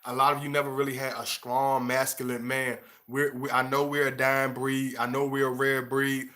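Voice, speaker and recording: A man's voice: mid-range voice, flat delivery, moderate pace, bright, forceful tone. A young man lecturing his viewers bluntly and passionately, stumbling over repeated words as he pushes his point. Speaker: vlogger giving relationship advice. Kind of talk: casual monologue to camera.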